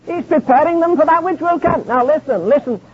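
A man's voice: very high voice, expressive, fairly quick. A man preaching a sermon, reading scripture in old King James wording. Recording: dull lo-fi archive sermon recording.

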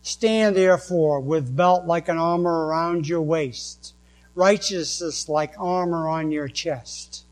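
A man with a New England accent delivers a sermon, reading out verse after verse at an unhurried, deliberate pace. His voice sits a little high for a man. A faint electrical hum runs under the recording. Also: a little mellow, poor audio. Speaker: pastor.

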